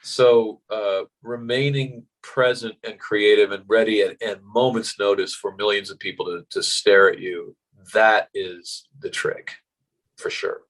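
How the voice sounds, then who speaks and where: Male American actor, low register, animated storyteller, casual interview guest. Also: unhurried, rough recording. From United States. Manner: animated, acts out voices in anecdotes, frequent fillers.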